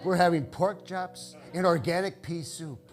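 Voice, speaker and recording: A man voicing an older ballplayer in a dream, speaking in a gentle, calm and kindly way. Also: high voice, a little slow, faint music behind, voice pushed up. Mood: serene. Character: older male ballplayer, serene and fatherly.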